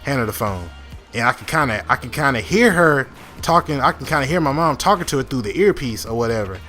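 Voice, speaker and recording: Soft music plays as a young gaming channel host, medium-pitched, animated and quick with a sharp tone, rambles through a long story over gameplay, packed with fillers, restarts, and frequent profanity.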